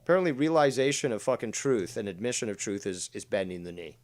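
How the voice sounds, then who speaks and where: A man hosting a livestream with a slightly low voice. He talks bluntly and swears freely. He reads chat comments aloud in an offhand way. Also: lively intonation, fast talker, darkish tone. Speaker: host.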